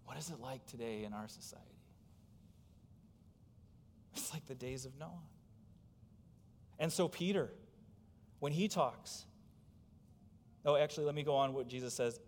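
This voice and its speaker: Speaking a little slowly and pausing often, a mid-range-voiced pastor preaches emphatically to his congregation, asking them direct questions. Long hall reverb from the church sanctuary surrounds his voice.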